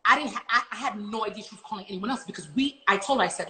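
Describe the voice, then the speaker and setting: A woman's voice: mid-range voice, quick pace, hardly any pauses. A woman hosting a casual podcast chat, telling a dramatic story with lots of swearing and quoted dialogue. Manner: animated storytelling, swearing, quoting others. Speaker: podcast host. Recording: echoey room with faint noise.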